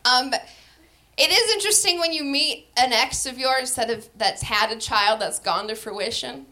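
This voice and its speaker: A young woman doing stand-up, brash and crude, with laughter creeping into her lines. Her voice sits a little higher than most women's. Faint noise hangs underneath the recording. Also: normal speed, sharp tone. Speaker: stand-up comedian. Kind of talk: stand-up comedy set.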